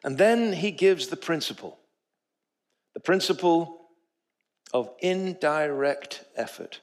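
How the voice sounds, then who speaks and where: A pastor speaks slowly in a voice on the high side, preaching to his congregation in the church sanctuary. He tells animated stories, acting out the voices of the people in them.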